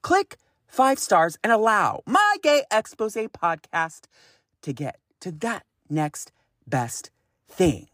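A man in his thirties hosts a solo podcast with wildly swinging pitch, swooping high and low on almost every phrase. He takes his time, drawing words out at an unhurried pace, with a dry, close sound and no room around him. His delivery is exasperated and profane, broken up by frequent laughs. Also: big pitch swings, a bit bright, no echo. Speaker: podcast host.

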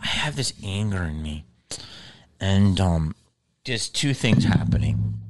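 A man venting in an agitated, profane rant, his voice often dropping low and quiet when he turns bitter. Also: dry recording. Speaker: actor venting to camera.

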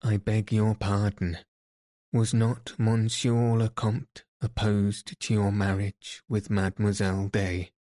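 A man's voice: fairly low pitch, level tone, slow, warm tone, no room sound, studio quality. A man voicing a smug, self-satisfied police commissary who questions and lectures in a pointed way. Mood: questioning.

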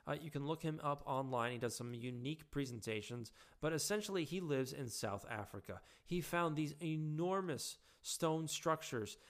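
A man giving a halting, casual monologue with frequent restarts, his voice hoarse and giving out. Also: mid-range voice.

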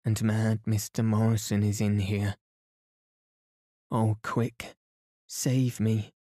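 A man's voice: lowish voice, flat delivery, slow pace, dark tone, dry recording, studio quality. A man voicing a frightened young girl who pleads desperately for rescue. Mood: terrified. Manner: frantic, pleading.

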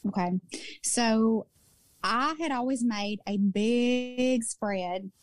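A woman's voice: fairly high pitch, extremely slow, dry recording. Chatty Southern woman, dry close sound. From Mississippi. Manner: chatty, animated, repeats herself for emphasis. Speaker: podcast co-host. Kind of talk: casual storytelling chat.

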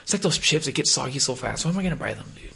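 A young man talking in a casual podcast chat, profane and animated, ranting with lots of filler words. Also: mid-range voice, rapid-fire, gravelly.

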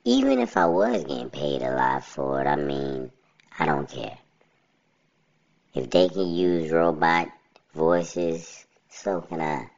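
Guy on a solo podcast, robot voice filter, super deep and gravelly, blunt rambling talk, kinda muffled audio. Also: big pitch swings, takes it slowly. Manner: blunt and rambling, often says "you know what I'm saying". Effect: pitched-down robotic voice filter. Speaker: podcast host. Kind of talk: casual solo podcast monologue.

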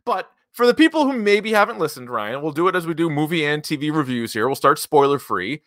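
A man's voice: on the high side, a little fast, no echo, studio quality. A man hosting a casual podcast chat, laughing and swearing as he acts out movie scenes. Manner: laughing, animated, swears a lot, acts out quotes. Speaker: podcast host.

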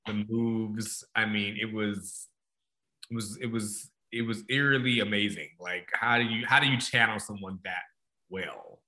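A man's voice: on the low side, measured pace, bright, forceful tone. A man co-hosting a podcast, talking in a reflective, casual way with restarts. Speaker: podcast co-host. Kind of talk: casual chat.

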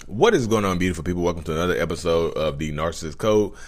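A man's voice: low-pitched, lively intonation, quick pace. A man hosting his own channel, talking casually to viewers, chatty with frequent restarts. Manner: restarts often, chatty, addresses viewers as y'all. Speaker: podcast host. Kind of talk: casual talk to camera.

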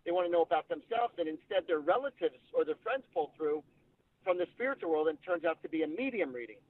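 A man's voice: fairly high pitch, quick pace, dry recording. Male guest, medium, chatty storyteller; narrow phone-like sound. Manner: chatty, animated retelling with quoted dialogue. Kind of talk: casual storytelling. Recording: tinny phone-like line.

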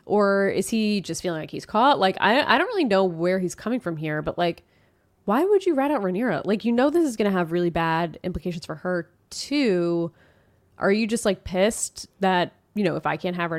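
Lively, chatty woman podcast co-host. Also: medium pitch. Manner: chatty, animated, acts out character quotes. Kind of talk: casual recap chat.

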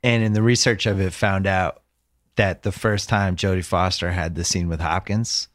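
A man hosts a podcast, chatty and eager as he spins anecdotes for his guest. His voice sits on the low side. The sound is close and dry, with no room around it. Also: steady tone, normal speed, fairly bright tone, dry recording. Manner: chatty, enthusiastic storyteller. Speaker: podcast host. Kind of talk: casual conversation.

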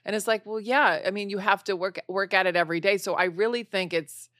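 A woman's voice: medium pitch, fairly even intonation, a little fast, a bit bright, dry recording, studio quality. A woman comedian chatting as a podcast guest, telling stories animatedly and acting out the voices of the people she quotes. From raised partly in Spain. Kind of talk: casual podcast chat.

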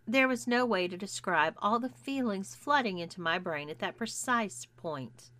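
A woman narrating a first-person story in a measured, intimate reading. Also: mid-range voice, animated, pushed and bright, dry recording. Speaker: audiobook narrator.

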